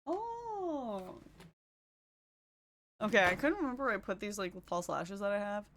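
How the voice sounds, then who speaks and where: A woman's voice: medium pitch, very animated, measured pace, fairly bright tone, a little hiss or hum. A woman streaming casually while doing her makeup, chatting, laughing often and answering her chat. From Canada. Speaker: livestreamer.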